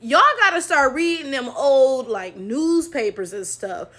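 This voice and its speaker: A woman's voice: high-pitched, animated, unhurried, fairly bright tone. A young woman, giving emphatic casual commentary straight to her viewers. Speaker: commentary video host.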